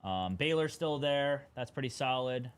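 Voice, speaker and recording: A young man hosting a live card-breaking stream, chatting casually and getting excited at big pulls. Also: mid-range voice, normal speed, clean tone.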